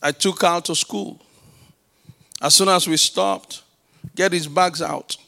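A middle-aged man preaching in a slow, deliberate rhythm, his voice sitting fairly high for a man. He prays aloud, calls for answers from the congregation and builds his stories into loud, emphatic peaks. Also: fairly even intonation, vocal fry. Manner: prays aloud and uses call-and-response with the congregation. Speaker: pastor. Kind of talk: sermon.

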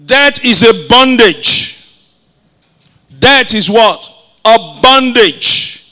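High-voiced, slow-preaching male pastor. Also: expressive, sharp tone. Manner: call-and-response exhortation, repeats phrases for the congregation. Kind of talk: sermon.

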